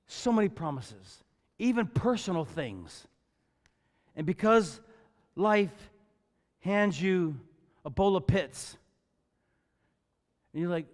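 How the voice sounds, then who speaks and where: A man preaching a sermon as the pastor, telling a Bible story in an animated way and acting out the characters with jokey asides. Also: high voice. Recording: church hall with long reverb.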